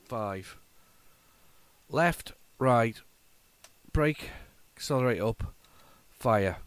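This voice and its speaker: Over a poor-quality recording with no room sound, a lowish-voiced man in his forties talks off the cuff as he loads a tape for his retro gaming channel. His nostalgic rambling is marked by stammered restarts and repeated words.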